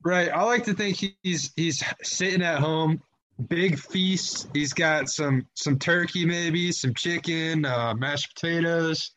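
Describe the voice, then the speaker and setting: A man's voice: fairly high pitch, slow, fairly bright tone, a little hiss or hum. A man co-hosting a casual sports chat, rambling along with lots of fillers and restarts. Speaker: podcast co-host.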